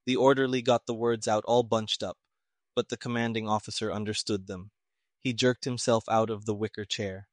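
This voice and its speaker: A man narrating an audiobook in a steady, even storytelling manner. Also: lowish voice, moderate pace, no room sound, clean studio sound.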